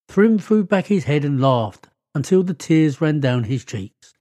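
A man narrating a myth as a storybook reading, steady and clear. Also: fairly high pitch, unhurried, no echo.

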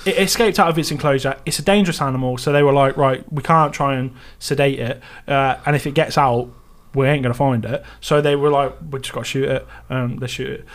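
A man co-hosting a podcast in casual chat, enthusiastic and excitable. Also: medium pitch, brisk, few pauses. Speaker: podcast co-host.

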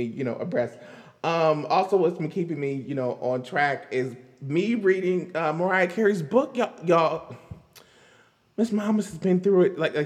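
A man doing casual pop-culture commentary, his high voice swinging widely as he gets exasperated and sarcastic. He breaks into laughter often. The recording has a long, roomy reverb. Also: darkish tone. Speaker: commentary vlogger.

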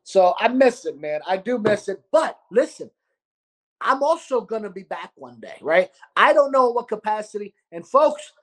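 A man with a New York accent hosting a casual podcast, talking in an animated, gruff way and calling people dude and brother. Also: high voice. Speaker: podcast host and restaurant owner.

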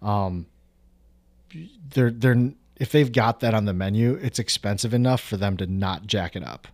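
A man's voice: lowish voice, moderate pace, darkish tone, no room sound. A middle-aged man chatting as a podcast guest, rambling through stories and laughing often. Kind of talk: casual chat.

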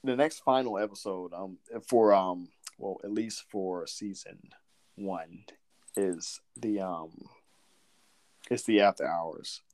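A low-voiced man from Southern Georgia, with a faint Southern accent, speaks slowly while co-hosting a podcast. In casual chat he rambles through lively stories and laughs often.

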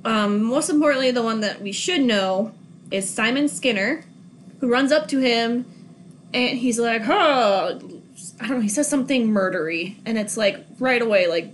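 A woman's voice: on the high side, normal speed, a little hiss or hum. A young woman from Minnesota, co-hosting a podcast and recapping a film in casual, giggly chat with plenty of swearing. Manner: giggly, swears casually, bursts into loud laughs. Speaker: podcast co-host.

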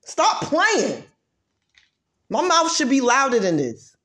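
A woman vlogger in a heated, profane rant who drives her points home by repeating herself and swings between loud outbursts and low muttering. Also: huge pitch swings, slow pace. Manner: profane, emphatic, repeats phrases for force. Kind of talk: heated ranting monologue.

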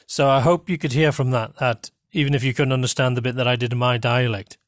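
A man with a North East English accent hosting a podcast, rambling with many pauses and restarts. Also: medium pitch, fairly even intonation, no echo, clean studio sound. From North East England. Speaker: podcast host. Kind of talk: casual monologue with a dialect reading.

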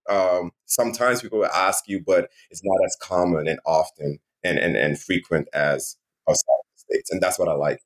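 A man's voice: sits low, fairly even intonation, normal speed, few pauses. A man from Saint Martin with a Caribbean accent, chatting easygoing and upbeat as an interview guest. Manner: easygoing, upbeat, chuckles while talking. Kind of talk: casual interview chat.

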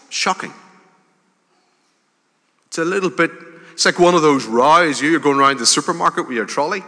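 A man preaching a sermon in a conversational way, with gentle humor and rising emphasis. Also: mid-range voice. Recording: hall reverb.

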